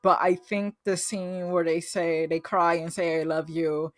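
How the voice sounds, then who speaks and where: A woman talks through a TV episode in a relaxed, chatty recap, gushing over each scene. Her voice sits a little low for a woman. The sound is dry and close, with no room around it. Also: unhurried, no room sound. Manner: gushing, enthusiastic retelling of scenes. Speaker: host recapping a TV series. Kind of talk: casual spoken recap.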